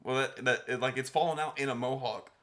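A man around thirty, co-hosting a podcast in a relaxed, easygoing way. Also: mid-range voice, brisk. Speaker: podcast co-host. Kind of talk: casual chat.

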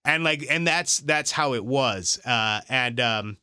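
Chatty man, bright and rambling. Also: mid-range voice, slow pace, smooth, no room sound, clean studio sound. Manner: rambling, many fillers and restarts. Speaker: podcast co-host. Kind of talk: casual chat.

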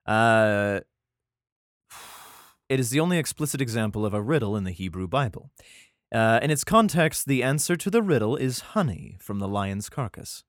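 A podcast host with a mid-range voice and lively intonation reads from the Bible at a moderate pace on his casual show. His profane, rambling, exasperated commentary comes through in clean studio sound with no echo.

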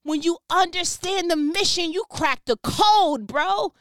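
A woman with a very high, lively voice preaches at an unhurried pace, full of fervent, emphatic energy, tossing in slang and firing off one question after another. It's motivational preaching delivered over a phone, though the sound is clean studio quality with no room sound.

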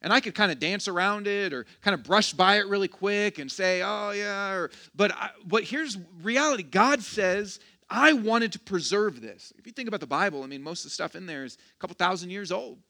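Bright-voiced casual pastor preaching. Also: male voice, sits high, lively intonation, normal speed, gravelly. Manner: casual, joking, self-deprecating with restarts and laughs. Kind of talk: sermon. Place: church.

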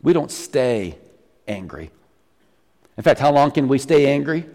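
A middle-aged man preaching a sermon as pastor, animated and teasing the congregation. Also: medium pitch, unhurried, big-room sound. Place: church sanctuary.

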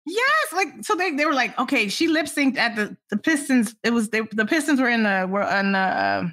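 A woman in her thirties with a bright, ringing voice pitched a little high. She tells animated stories in a casual interview, often laughing and acting out the people she quotes. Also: moderate pace. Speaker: entertainment journalist.

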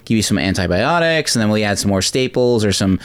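Man, podcast host, casual movie recap, rambling, smooth clear voice. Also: fairly low pitch, lively intonation, fairly quick. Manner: rambling, lots of "like" and "um".

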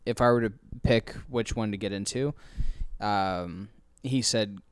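A man's voice: fairly low pitch, measured pace, clear, resonant tone, no echo. A man chatting casually as co-host, mostly giving short replies. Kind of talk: casual chat.

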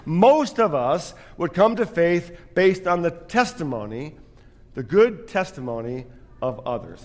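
A man's voice: fairly high pitch, big-room sound. A man preaching a sermon as pastor, telling a story with self-deprecating humor.

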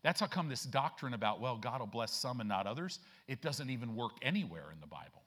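A man's voice: big pitch swings, a bit bright. Emphatic folksy male pastor preaching. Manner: folksy, emphatic preaching with frequent "right?" checks; slows and rises in pitch and volume to stress scripture. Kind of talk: sermon. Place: church.

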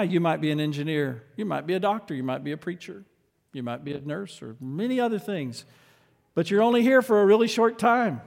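A man delivers a sermon with earnest conviction, dropping to quiet asides and then rising to loud, emphatic lines. His voice sits a little high for a man. A long reverb from a large hall trails behind every phrase. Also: creaky. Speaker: preacher.

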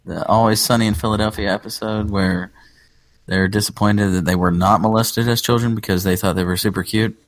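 A man co-hosting a podcast, making relaxed, wry jokes in casual banter. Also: lowish voice, fairly quick. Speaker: podcast co-host.

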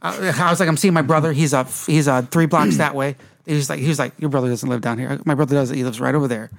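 A man's voice: on the high side, fast, vocal fry. A man from Detroit telling rambling, profane stories in casual chat and laughing as he goes. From Detroit, Michigan. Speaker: podcast co-host. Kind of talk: casual storytelling.

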